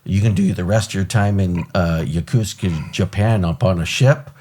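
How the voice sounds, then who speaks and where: A middle-aged man hosting an interview, telling a story with lively acted-out quotes. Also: low voice, moderate pace. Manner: animated storyteller, acts out quotes. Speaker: podcast host.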